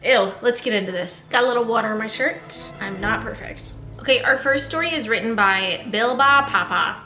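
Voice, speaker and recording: Bright, bubbly young woman in a roomy room. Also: fairly high pitch, a little fast. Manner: chatty, bubbly and giggly, with playful asides. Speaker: skincare and scary-story vlogger. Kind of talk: casual chat while doing skincare and reading stories aloud. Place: home room. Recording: roomy echo with faint background music.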